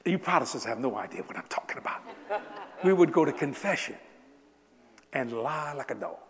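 A man's voice: mid-range voice, big pitch swings, normal speed, a bit bright. A man in his seventies preaching a sermon, talking casually with the congregation and telling joking stories. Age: 70s. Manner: conversational, joking storytelling with congregation. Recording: long hall reverb.

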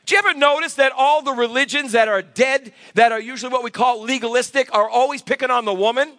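A male pastor delivers an emphatic sermon in a strikingly high voice. His tone is bright and driving. The sound is close and dry, with no room echo. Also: fast. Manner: emphatic preaching with call-and-response. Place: church sanctuary.

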